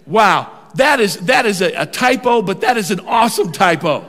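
Older man, pastor; high-pitched, animated preacher who stretches his words, heard in a reverberant sanctuary. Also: normal speed. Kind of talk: sermon. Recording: long hall reverb.

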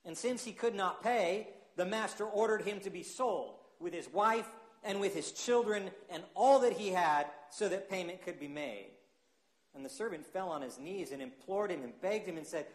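A male pastor preaches a sermon, reading scripture and praying. His voice sits fairly high, and he talks in an earnest, unhurried way with hesitant fillers. The sound is echoey, as in a church sanctuary.

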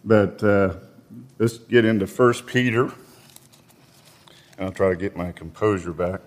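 A man in his fifties preaching a sermon, telling folksy personal stories in an unhurried way and reading scripture. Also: fairly low pitch. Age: 50s.

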